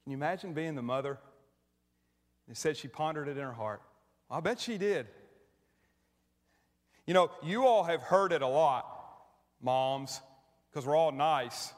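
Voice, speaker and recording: A man's voice: sits high, animated, unhurried, long pauses. A middle-aged man preaching a sermon as pastor, conversational and emotional, often restarting his sentences. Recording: church hall with long reverb.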